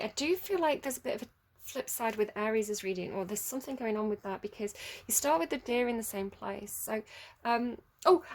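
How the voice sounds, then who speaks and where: An English woman with a standard southern English accent, giving a casual tarot reading in a rambling way, full of fillers and restarts. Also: on the high side. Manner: rambling, many fillers and restarts, laughs at herself. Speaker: tarot reader.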